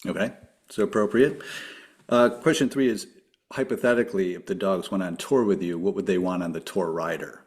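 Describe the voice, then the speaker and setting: A man's voice: low voice, a little fast. A man hosting a podcast, putting numbered questions to his guests and laughing often. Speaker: podcast host. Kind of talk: casual interview chat.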